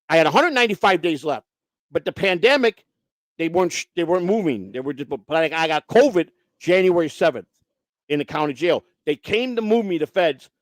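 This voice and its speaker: Fast-talking profane man telling stories. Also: fairly high pitch, no room sound. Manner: blunt, profane, rambling with many restarts. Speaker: host. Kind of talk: casual storytelling chat.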